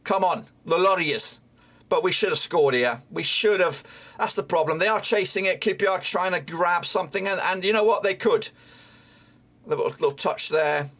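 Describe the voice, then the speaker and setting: A man reacting live to his team's match as a fan streamer, excitable, swearing often and yelling at the players. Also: high-pitched, moderate pace.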